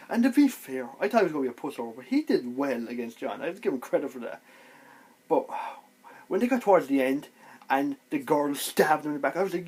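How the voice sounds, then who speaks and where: A man giving a casual, excitable video review, retelling scenes with lively exclamations. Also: a little high, a little fast, breathy edge. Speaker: TV show reviewer.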